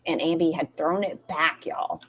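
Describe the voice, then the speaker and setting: A middle-aged woman reacting to clips on a stream, sarcastic and full of animated asides. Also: sits low, moderate pace, breathy edge, lo-fi sound. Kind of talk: casual commentary on clips.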